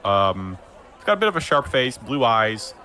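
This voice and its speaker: A man's voice: medium pitch, sing-song, normal speed, pushed and bright, a faint crowd. A man narrating as game master of a tabletop game, in casual, rambling, improvised descriptions.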